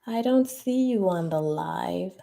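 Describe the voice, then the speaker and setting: Slow-talking woman hosting a live chat. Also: on the low side, expressive, creaky, warm tone. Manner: chatty, laughs often, greets viewers by name. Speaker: host of a live relationship podcast. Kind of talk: casual live-stream chat with viewers.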